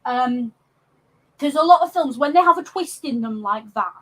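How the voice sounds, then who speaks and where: A woman's voice: high voice, expressive, normal speed, a bit bright, low-quality recording. A woman from England co-hosting a podcast, chatting casually about films with lots of ums and restarts. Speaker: podcast co-host. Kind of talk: casual film discussion.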